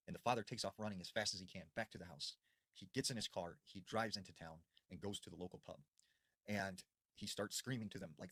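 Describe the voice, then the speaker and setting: A man casually retelling a creepy woods story, getting loud for the shouted parts and dropping low for the eerie ones. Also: a little fast, breathy edge, no echo. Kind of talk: casual spoken ghost story.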